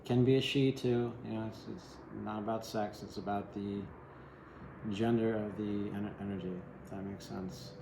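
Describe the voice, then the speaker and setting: A man's voice: lowish voice, fairly even intonation, normal speed, noisy background. A man giving a casual tarot reading in a rambling way, often asking "right?" and adding wry, self-deprecating asides. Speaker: tarot reader. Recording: echoey room.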